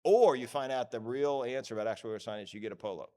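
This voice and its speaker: A man's voice: mid-range voice, quick pace. Joking man giving a conference talk. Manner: lively, joking, acts out quoted voices. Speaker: conference speaker. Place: conference hall.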